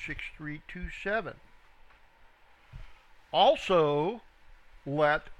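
A man teaching the Bible verse by verse, reading each phrase and then its reference number in a slow, deliberate way. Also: fairly high pitch, animated, fairly bright tone. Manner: slow, reads each word then its reference number, stresses quoted words.

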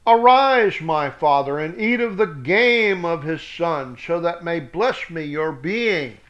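A man's voice: high voice, sing-song, slow, a bit bright, full character voice. A man reading as a pleading desperate son. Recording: dull lo-fi recording.

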